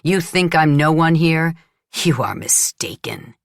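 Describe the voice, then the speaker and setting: Woman reading as a cocky creepy boss guy, super low voice, slow and threatening, dry sound. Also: no room sound, full character voice. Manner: boastful, contemptuous, menacing. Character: arrogant crude middle-aged male businessman boss. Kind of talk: audiobook character voice.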